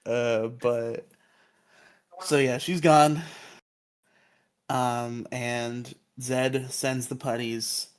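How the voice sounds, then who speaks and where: A man in relaxed podcast chat, walking through a plot with frequent laughter. He throws in goofy voices when he quotes characters. His pitch sits right in the middle. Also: drawn-out words, pauses often, smooth. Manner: laughs often, acts out quotes in silly voices. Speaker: podcast co-host recapping episodes. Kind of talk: casual chat, episode recap.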